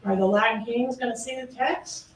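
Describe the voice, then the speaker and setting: A woman's voice: a little high, moderate pace. A woman prosecutor delivering a closing argument in court, making pointed, sarcastic points about the evidence. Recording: distant roomy courtroom audio with faint noise.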